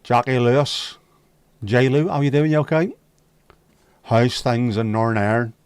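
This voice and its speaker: A man's voice: medium pitch, normal speed, clean tone, no room sound. A man hosting a livestream, chatting casually and jokily with his viewers. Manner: chatty, jokey banter. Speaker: livestream host.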